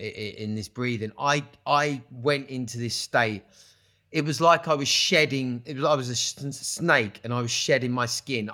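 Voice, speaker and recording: A man chatting in an interview, rambling and restarting his sentences, dropping "mate" and "you know" every few lines. His voice sits at an ordinary middle pitch. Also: sharp tone. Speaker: retreat founder, guest. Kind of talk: casual conversational interview.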